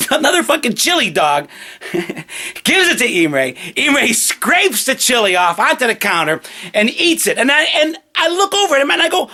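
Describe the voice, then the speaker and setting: A man's voice: very high voice, big pitch swings, moderate pace, pushed and bright. A man telling a rambling, profane personal story, emphatic, with restarts and repetitions. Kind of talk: casual spoken anecdote.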